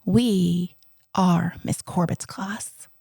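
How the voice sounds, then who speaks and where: A woman's voice: on the low side, steady tone, very slow, creaky, dark tone, slightly rough, no echo, studio quality, full character voice. A woman doing a doting old-school teacher. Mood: encouraging. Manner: doting, emphatic, calls the child honey. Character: warm older woman schoolteacher, big-hearted, encouraging.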